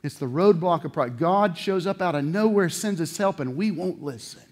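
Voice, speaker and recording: A middle-aged male pastor preaching a sermon, animated, acting out little voices and swinging between loud outbursts and low asides. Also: normal speed.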